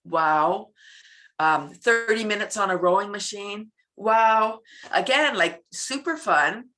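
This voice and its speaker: A middle-aged woman, a laughter club founder and guest, chatting casually in an animated way, acting out little scenes and breaking into laughter. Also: moderate pace. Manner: animated, acts out scenes with sudden high-pitched voices and bursts of laughter. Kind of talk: casual interview chat.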